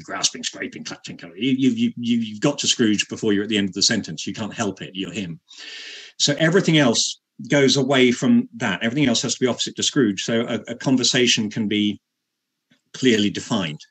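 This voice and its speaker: During an interview, an actor with a low, fairly bright, husky voice tells a self-mocking anecdote. His speech is halting and full of repeated words. He laughs often.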